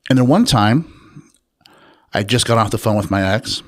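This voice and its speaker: A man telling his personal story as an interview guest, in a reflective, unhurried way with pauses and fillers. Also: lowish voice, animated. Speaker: interview guest, author and researcher.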